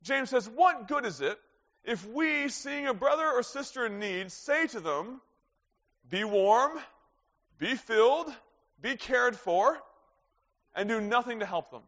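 A man's voice: very high voice, expressive, takes it slowly, long pauses, fairly bright tone. A man preaching a sermon, earnest, often putting questions to the congregation. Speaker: pastor. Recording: dull lo-fi sound with long hall reverb.

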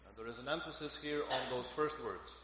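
A man's voice: mid-range voice, brisk, pushed and bright. Male preacher, earnest and emphatic, heavy hall echo on a dull, lo-fi recording. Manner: earnest, rising to emphatic on key phrases. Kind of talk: sermon. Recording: echoey hall, dull lo-fi, faint noise.

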